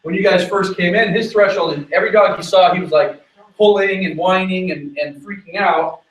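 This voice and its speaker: A man working as a dog trainer, explaining his method while giving quick commands to a dog during an on-location training demonstration. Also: high-pitched, roomy sound, recorded from a distance, low-quality recording.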